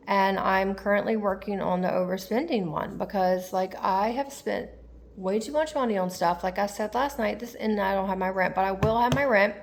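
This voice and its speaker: A young woman talking candidly in a personal vlog, rambling and confessional with lots of fillers. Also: mid-range voice. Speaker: tarot vlogger.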